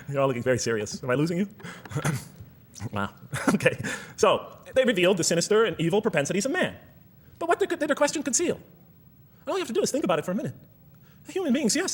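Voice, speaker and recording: A man giving a lecture to a live audience, reading verses aloud and posing rhetorical questions. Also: high-pitched.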